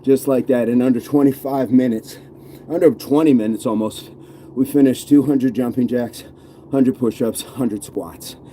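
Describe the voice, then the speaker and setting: Male workout coach on a live stream, deep warm tone, counts reps and greets viewers, slight noise behind. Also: moderate pace. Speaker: fitness coach.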